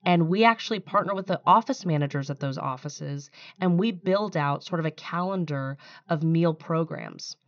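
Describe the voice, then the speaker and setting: A woman founder with a low voice tells her story candidly on a podcast, sometimes moved. The sound is dry and slightly dull, like a close, muffled mic with no room around it. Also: moderate pace, hardly any pauses, no room sound. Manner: candid, storytelling, emotional at times. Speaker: startup founder and CEO. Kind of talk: podcast interview.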